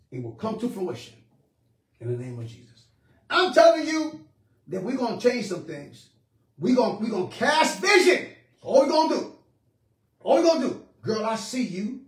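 Pastor, male, high-pitched and fervent, heard from a distance in a reverberant room. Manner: fervent, swings between shouting and hushed prayer. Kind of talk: charismatic sermon. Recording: echoey room, mic at a distance.

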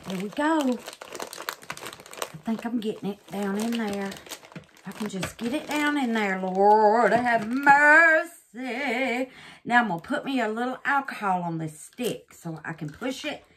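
A woman's voice: mid-range voice, lively intonation, unhurried, a bit bright, slight background noise. A woman chats through a resin craft demo, exclaiming and calling her viewers babies. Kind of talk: casual craft demo chat.

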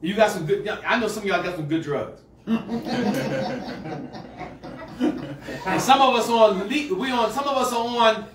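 A male pastor preaching a sermon to a congregation, moving between quiet asides and shouted call-and-response lines. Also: high-pitched, animated, unhurried, long pauses, background noise. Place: church sanctuary with a congregation. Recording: echoey hall, mic far off. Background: congregation answering.

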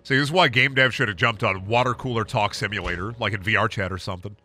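A man's voice: on the low side, quick pace, pushed and bright. A young adult man giving casual, rambling commentary while streaming a game, joking and swearing as he goes. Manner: rambling, joking, profane asides. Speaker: gaming streamer.

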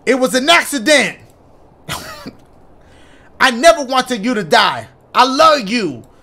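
A man's voice: very high voice, huge pitch swings, slow pace, sharp tone, slightly rough, pitched above the performer's own voice, exaggerated voice. A man reading aloud as a remorseful, grieving husband in a horror game, pleading in a raised, strained voice.

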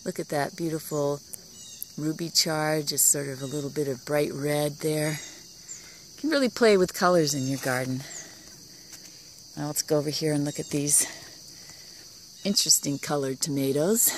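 A woman giving a casual tour of her vegetable garden, talking admiringly and softly, sometimes dropping to a whisper, recorded outdoors on a handheld camera. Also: low-pitched, moderate pace, pauses often, a little hiss or hum. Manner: admiring, soft-spoken, often drops to a whisper.

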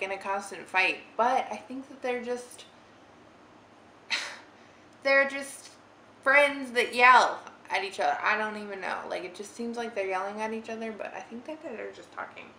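A woman's voice: fairly high pitch, pushed and bright, slight background noise. A young woman chatting casually through a makeup tutorial in her living room, rambling and giggly with lots of "like". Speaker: beauty vlogger. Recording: roomy living room with faint ambience.

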